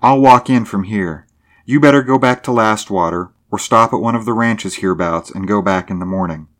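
A man voicing a headstrong young woman who speaks in a brisk, curt, commanding way. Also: fairly low pitch, a bit bright, natural voice.

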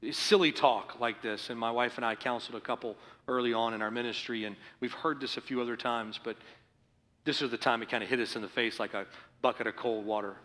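A middle-aged man preaching a sermon as pastor, earnest and rising to forceful emphasis. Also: mid-range voice, steady tone, fast, big-room sound. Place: church sanctuary.

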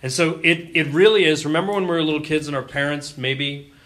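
A man's voice: fairly high pitch, quick pace, a bit bright. A man teaching a class in a loose, joking, story-filled way with lots of ums and restarts. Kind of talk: classroom talk.

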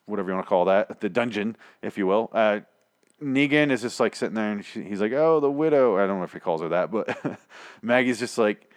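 A man's voice: fairly low pitch, brisk, no echo. Man ranting through a show recap, profane and rambling, dry close sound. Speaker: podcast host recapping a TV episode. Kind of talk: casual recap chat.

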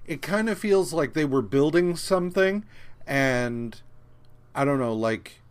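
Slow, rambling man recapping comics. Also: medium pitch. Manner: rambling, profane, frequent fillers and restarts. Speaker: podcast co-host. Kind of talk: casual comic book recap chat.

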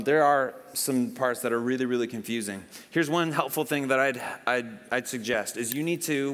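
A man preaching a casual, conversational sermon to his church, telling stories and acting out bits of dialogue. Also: mid-range voice. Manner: conversational, animated storytelling with acted-out dialogue. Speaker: pastor. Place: church hall. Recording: long hall reverb.

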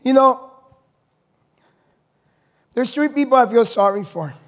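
High-voiced pastor preaching with fire. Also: male voice, animated, slow pace. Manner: rising to shouted preaching, call-and-response with congregation. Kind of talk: sermon.

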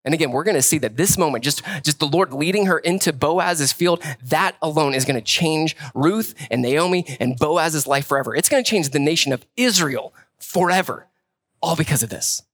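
A male pastor giving a sermon in a relaxed, conversational way. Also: a little high, moderate pace, no room sound. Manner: conversational, casual.

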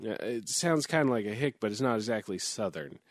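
A man co-hosting a podcast in casual chat, opinionated, halting with fillers and quick to laugh. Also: on the low side, lively intonation, no room sound, studio quality. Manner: opinionated, hesitant with many uh fillers, laughs often. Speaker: podcast co-host.

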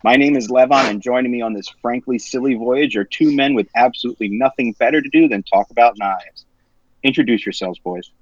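Joking New Jersey podcast host, man. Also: medium pitch. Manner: joking, teasing, quick banter. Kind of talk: casual podcast chat. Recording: slightly dull lo-fi sound.

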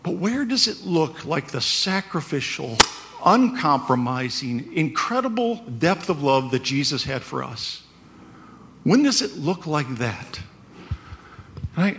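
A man's voice: a little high, a bit bright. A man preaching a conversational sermon, often checking in with "right?". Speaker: pastor.

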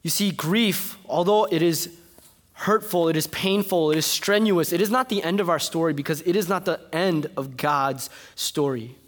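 A young man preaching a sermon, telling a personal story with animated energy before turning to soft, earnest exhortation. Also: on the high side, moderate pace. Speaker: pastor.

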